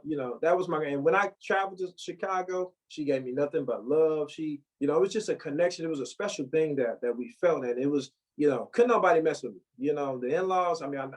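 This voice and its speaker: A man telling a personal story as a podcast guest, halting and full of restarts, close to tears. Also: fairly high pitch, poor audio. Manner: halting, many restarts and you-knows, holding back tears.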